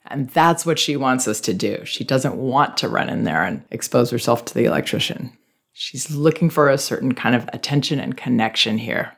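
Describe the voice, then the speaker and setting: A woman hosting a parenting advice podcast, speaking gently and reflectively as she talks through a child's behavior. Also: rumbling low, moderate pace.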